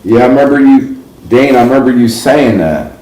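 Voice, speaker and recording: A middle-aged livestream host from the New York / New Jersey area tells rambling stories in a casual, folksy way. His medium-pitched, mellow voice has lively intonation and a moderate pace, and the recording has a roomy echo. He's chatty and laughs at his own stories.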